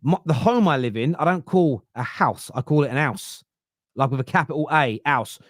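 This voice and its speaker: A man's voice: a little high, animated, brisk, no echo. Southern english guy hosting a football pod, argues it through, restarts a lot, dry close mic. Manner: argumentative, reasoning aloud with frequent restarts. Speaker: podcast host. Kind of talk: casual chat.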